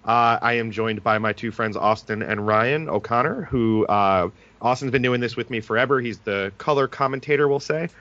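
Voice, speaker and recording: A man's voice: mid-range voice, normal speed, fairly bright tone, dull audio. A man hosting a podcast, an attorney, talking in a casual, joking and talkative way.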